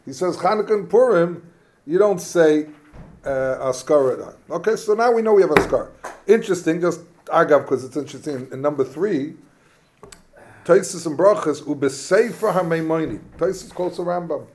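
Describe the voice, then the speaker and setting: Animated teacher, higher-pitched man. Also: moderate pace, slight background noise. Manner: questioning, animated, mixes Hebrew and Yiddish terms. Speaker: Talmud class teacher. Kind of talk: lively Talmudic lesson.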